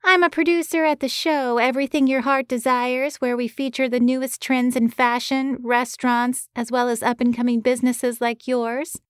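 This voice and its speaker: A woman voicing a brisk female TV producer with a nasal voice and a thick Boston accent. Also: sits high, flat delivery, smooth, no echo, clean studio sound, voice pushed up, close to an everyday voice. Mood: businesslike.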